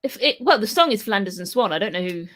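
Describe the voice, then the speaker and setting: Lively, teasing woman co-host. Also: mid-range voice, quick pace. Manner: playful, teasing, laughs a lot. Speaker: podcast co-host. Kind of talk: casual chat.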